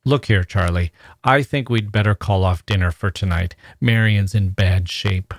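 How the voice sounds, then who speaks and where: A man reading the part of a curt, weary brother-in-law, speaking short and flat. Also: lowish voice, normal speed, dry recording, studio quality, lightly acted.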